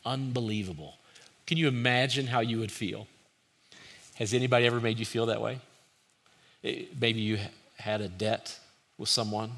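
Bright-voiced man preaching earnestly. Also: medium pitch, steady tone, moderate pace, gravelly, long pauses. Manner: earnest, rising to forceful emphasis, dropping to hushed pleading in quotes. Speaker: pastor. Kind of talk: sermon.

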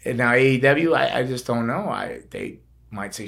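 An older man, a former wrestler hosting a podcast, talking in a rambling, animated way full of asides. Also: medium pitch, normal speed, gravelly. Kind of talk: casual chat.

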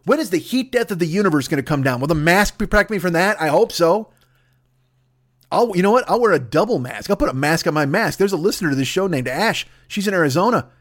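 A man's voice: sits high, expressive, fast. A man hosting a podcast, delivering a profane, comedic rant monologue. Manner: profane, ranting, swears constantly. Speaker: podcast host.

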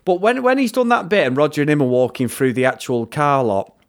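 A man co-hosting a podcast, chatting about a film in a rambling way and retelling scenes with quick impressions. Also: fairly high pitch. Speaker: podcast co-host. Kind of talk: casual film review chat.

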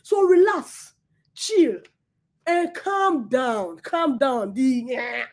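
A woman's voice: high-pitched, animated, a little slow. A woman preaching a sermon with passion, who repeats her words and swings between laughter and near tears.

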